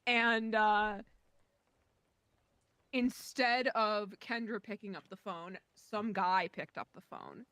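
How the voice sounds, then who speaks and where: A woman tells a long, meandering story over a voice call from home, her delivery stuffed with "like"s and little restarts. She sits at a mid pitch, and her voice comes through dry and close, with no room sound. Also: slow, sharp tone, smooth, no room sound. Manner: rambling, many fillers and likes. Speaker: friend on voice chat. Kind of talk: casual storytelling.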